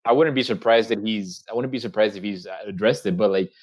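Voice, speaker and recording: A man's voice: lowish voice, fast talker. A young man rambling through a casual podcast chat with friends, full of fillers and restarts. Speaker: podcast co-host. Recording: muffled lo-fi mic.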